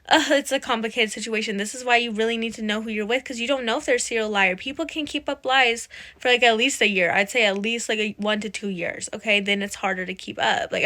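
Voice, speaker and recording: A woman's voice: medium pitch, pushed and bright. A woman hosting casual reaction commentary, chatty and preachy, repeating her points to the viewers. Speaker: commentary host.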